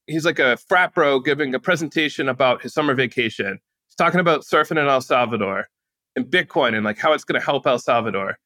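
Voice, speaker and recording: Bright-voiced man telling lively stories. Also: fairly high pitch, dry recording. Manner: lively, acts out quotes with raised voice, casual "like" fillers. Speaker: guest author and journalist. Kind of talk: animated anecdotal storytelling.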